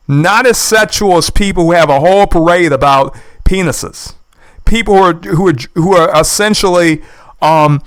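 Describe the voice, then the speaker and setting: Male commentator with a smooth, resonant voice pitched a touch high, delivering sarcastic, indignant reaction commentary. Dry sound. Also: a bit bright, dry recording. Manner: indignant, sarcastic, repeats his points. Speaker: YouTube commentator. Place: lives in the United States.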